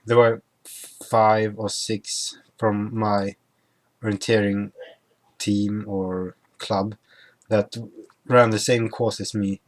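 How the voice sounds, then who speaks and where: Slow, halting young man recapping a trip. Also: on the low side. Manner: halting, full of restarts and self-corrections. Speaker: vlogger. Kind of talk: casual travel recap over photos.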